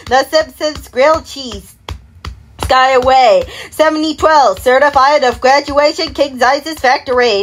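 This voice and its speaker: A woman's voice: sits high, slow, soft background music. A woman recreating a TV commercial break by herself, rambling through slogans and product names in slurred, half-mumbled words and humming the jingles as "da da". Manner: hums and sings jingles in "da da" syllables.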